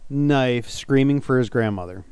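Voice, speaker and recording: A man in his thirties hosting a podcast, telling stories in a relaxed, chatty way with laughs. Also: mid-range voice, a little slow, clear, resonant tone, no echo. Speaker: podcast host. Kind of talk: casual chat.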